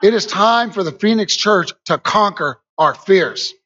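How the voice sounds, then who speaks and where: A man preaching a lively sermon to a church congregation, calling out to them and rising to shouts. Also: high-pitched, a little slow, lo-fi sound. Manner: energetic, call-and-response with congregation, rises to shouts.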